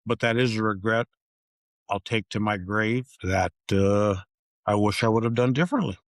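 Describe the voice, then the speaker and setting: Older man with a low voice. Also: moderate pace, no echo, clean studio sound. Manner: regretful, candid reflection. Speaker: guest. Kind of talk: faith-based conversation.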